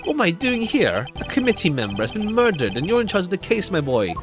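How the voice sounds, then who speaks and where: A man's voice: sits high, huge pitch swings, fast talker, pitched above the performer's own voice. A man voicing a brash young male detective who speaks indignantly and commandingly, with music behind. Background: background music.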